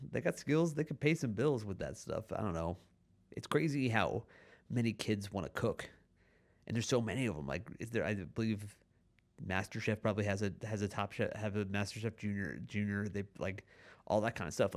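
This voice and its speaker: A man hosting a podcast in a rambling comedic monologue, halting and full of restarts, often laughing at his own points. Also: on the low side. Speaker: podcast host.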